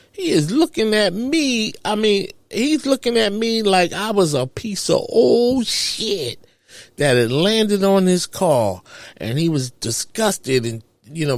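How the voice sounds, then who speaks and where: A man hosting a podcast, telling a personal story in a dramatic, animated way. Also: no room sound. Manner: dramatic, animated retelling with big pitch jumps. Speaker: podcast host. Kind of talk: storytelling monologue.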